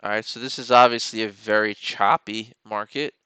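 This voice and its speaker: A man's voice: fairly low pitch, steady tone, moderate pace, sharp tone, clear, resonant tone, no room sound. A man hosting a live stock trading stream, rambling and joking in casual commentary. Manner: joking, rambling, talks to the chart. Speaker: stock trading livestream host.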